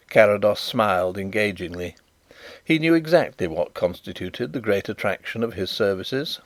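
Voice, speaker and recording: A man narrating a classic mystery audiobook in an even storytelling manner. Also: fairly low pitch, normal speed, dry recording.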